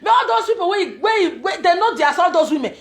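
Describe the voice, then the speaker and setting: A woman with a Nigerian Pidgin accent giving a ranting, emphatic commentary as a vlogger, repeating herself and breaking into loud outbursts. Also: very high voice, very animated, fast.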